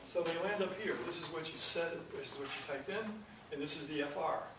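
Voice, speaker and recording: A man teaches a programming class, walking through the material step by step with many fillers and restarts. His voice is a little high and a little fast. The lecture is recorded from far off in an echoey room, with noise.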